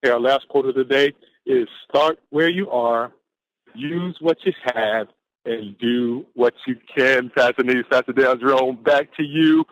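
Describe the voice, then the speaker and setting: Exuberant man on a call. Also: mid-range voice. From Atlanta, Georgia, USA. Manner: exuberant, preacher-like, stretches key words slowly. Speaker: caller on a team conference call. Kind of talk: motivational pep talk with quotes. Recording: dull lo-fi conference call audio.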